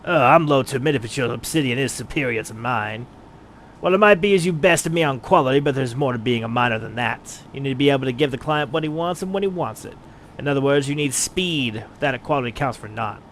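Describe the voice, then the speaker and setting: A man's voice: mid-range voice, a little fast, a bit bright, slight background noise, close to an everyday voice. A man voicing a proud, competitive male master miner with a haughty, blustering manner.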